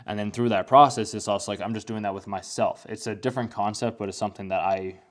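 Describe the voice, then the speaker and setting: A man's voice: lowish voice, fairly even intonation, fast talker. A young man giving casual anime commentary, rambling along with lots of "like" fillers.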